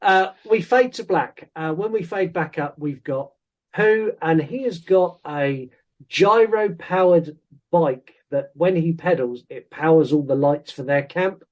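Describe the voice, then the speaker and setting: Male podcast co-host, slightly high voice, rambling and jokey, casual film review. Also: a little slow, a little mellow, dull audio. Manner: rambling, jokey, self-interrupting.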